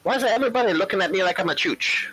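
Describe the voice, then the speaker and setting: A man's voice: sits high, lively intonation, very fast, pushed and bright, husky, no room sound, soft background music, full character voice, poor audio. A man voicing a blunt, dim-witted tough male street cat. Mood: brash. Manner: brash, blunt, simple-minded.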